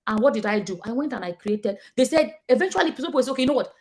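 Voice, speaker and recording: A woman's voice: a little high, lively intonation, rapid-fire. A woman with a Nigerian accent giving casual, emphatic commentary to her viewers, acting out the people she quotes. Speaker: vlogger.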